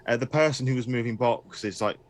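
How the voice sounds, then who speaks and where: A man's voice: mid-range voice, brisk. A man narrating a tabletop game as game master, hesitant and full of fillers.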